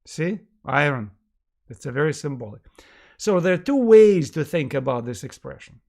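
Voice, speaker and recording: A man giving a history lecture to a class, emphatic and animated, who often asks rhetorical questions and uses many fillers. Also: a little high, measured pace, gravelly, long pauses.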